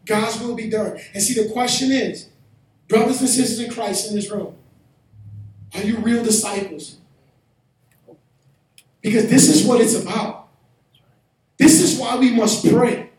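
A man preaching a sermon as pastor, telling a personal story and building to shouted exhortation in a church hall. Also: high-pitched, steady tone, measured pace, pauses often. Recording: echoey hall, mic from a distance.

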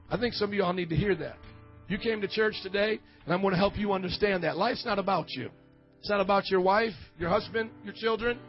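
A man preaching a sermon in church, fervent and calling out to the congregation, at times rising to shouts. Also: sits high, dull audio.

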